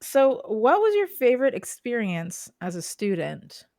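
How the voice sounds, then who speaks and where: A woman's voice: on the high side, sing-song, unhurried, darkish tone, dry recording, studio quality. A woman co-hosting a casual podcast chat, laughing often and acting out phrases she quotes. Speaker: podcast co-host. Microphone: podcast microphone, streamed live.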